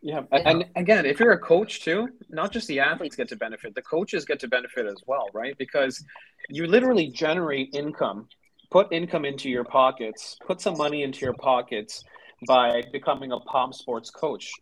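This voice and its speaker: A man guest on a podcast, upbeat, pitching his coaching app and checking in with "right?" after his points. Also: animated, moderate pace, a little hiss or hum, low-quality recording. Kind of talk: promotional pitch in interview.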